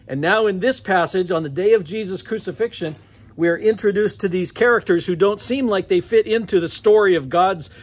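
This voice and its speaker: A man's voice: high voice, slightly rough. A man with an American accent preaching a sermon as pastor, conversational and often chuckling between phrases. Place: church sanctuary.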